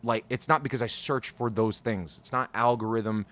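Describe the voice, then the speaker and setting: A man's voice: medium pitch, fairly even intonation, normal speed, fairly bright tone. A man hosting a casual solo podcast, frustrated and scattered, talking in a rambling way and swearing freely, recorded on a studio microphone. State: over-caffeinated, scattered. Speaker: podcast host.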